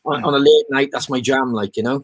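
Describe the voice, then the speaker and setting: A man's voice: mid-range voice, fairly even intonation, a little fast. A man hosting a podcast in casual chat, rambling and swearing, full of ums. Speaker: podcast host.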